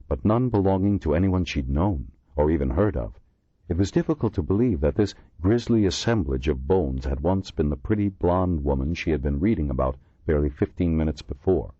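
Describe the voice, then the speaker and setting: A man narrating an audiobook in measured storytelling, voicing the characters himself. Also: a bass voice, expressive, dark tone, dry recording, dull audio. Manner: measured storytelling with many voices. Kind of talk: scripted narration.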